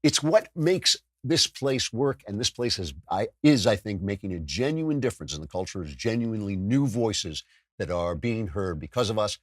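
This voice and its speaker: Husky sardonic talk show host. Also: male voice, fairly low pitch, animated, moderate pace, no room sound, studio quality. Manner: sardonic, self-mocking, stumbling restarts. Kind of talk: podcast monologue with ad read.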